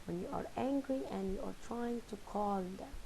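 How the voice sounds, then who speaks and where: A woman teacher explaining phrasal verbs slowly, reading out example sentences one by one. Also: mid-range voice, vocal fry, dark tone, slight background noise, low-quality recording. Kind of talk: recorded English lesson.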